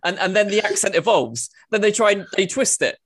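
A man's voice: sits high, animated, brisk, background noise. A man chatting casually as a podcast co-host, playful and telling stories. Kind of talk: casual chat.

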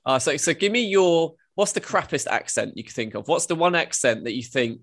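A man hosts a comedy podcast, putting questions to his guest in a hesitant way full of "kind of" and restarts. His voice is notably high for a man. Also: big pitch swings, fairly quick, fairly bright tone. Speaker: podcast host. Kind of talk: casual podcast interview.

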